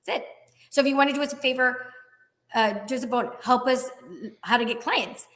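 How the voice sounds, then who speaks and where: A woman guest, an insurance agent, tells her story in an interview in an animated way, acting out the dialogue and laughing often. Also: high voice, fairly quick.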